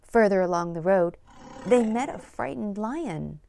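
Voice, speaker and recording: A middle-aged woman narrating a children's story in a gentle, sing-song read-aloud manner. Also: mid-range voice, lively intonation, measured pace, vocal fry, slight background noise. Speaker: narrator and producer.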